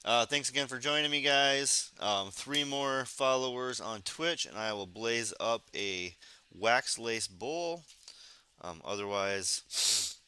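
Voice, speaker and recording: A man's voice: mid-range voice, slow pace, bright, forceful tone, clean tone, dry recording. A man hosting a casual late-night news commentary stream, sarcastic and ranting, talking carefully with a sore face after surgery. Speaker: live stream host.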